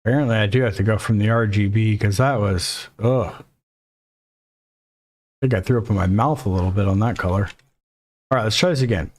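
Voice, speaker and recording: A man's voice: on the low side, fairly quick, long pauses, a little mellow. A man teaching a casual screen-recorded coding lesson, thinking aloud and dropping jokey, self-deprecating asides as he works. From Mexico. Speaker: coding instructor.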